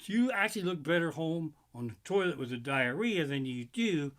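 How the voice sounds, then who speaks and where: A middle-aged man doing loose, profane stand-up, rambling and animated as he tells stories. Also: on the high side, normal speed. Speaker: stand-up comedian. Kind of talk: solo live-streamed stand-up.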